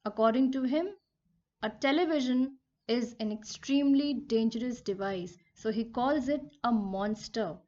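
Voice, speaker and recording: Slow, deliberate woman explaining a poem. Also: on the high side, darkish tone. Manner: explains line by line, repeats and rephrases. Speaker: teacher. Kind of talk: poetry lesson explanation. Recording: dull lo-fi recording.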